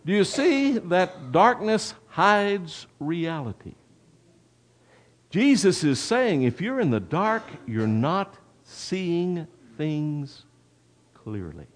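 A man's voice: high-pitched, sing-song, very slow. A man preaching a sermon, folksy and talking straight to the congregation, with a personal story. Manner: folksy, addresses the congregation directly. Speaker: pastor.

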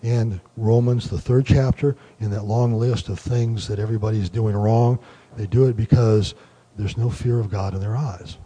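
Man, Bible study teacher, very dark tone, husky, relaxed lecturing with fillers. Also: fairly low pitch, moderate pace. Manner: relaxed, thinking aloud, many fillers.

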